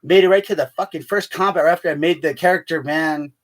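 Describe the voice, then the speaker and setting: A man's voice: on the high side, fast, fairly bright tone. A man rambling casually in a vlog, swearing a lot, tacking "man" onto his lines and laughing often. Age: adult with a child. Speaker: vlogger.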